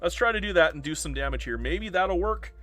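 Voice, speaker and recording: A man streaming a strategy game live, narrating in a bright, fairly high and very lively voice. He talks in a theatrical, self-mocking way and swears freely, over faint background music. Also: fairly quick, no echo. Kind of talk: live gameplay commentary.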